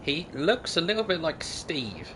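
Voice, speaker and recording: A man's voice: a little high, very animated, unhurried, bright, forceful tone, a little hiss or hum. A man with a southern English accent, casually rambling through stories about his work day. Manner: rambling, laid-back storytelling. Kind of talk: casual chat.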